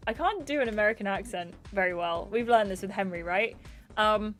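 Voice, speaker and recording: A woman's voice: medium pitch, expressive, brisk, a bit bright, soft background music. A woman live-streaming a dating game, chatting to viewers and reading the game text aloud. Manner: chatty, reacts and asks viewers questions. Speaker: gaming streamer.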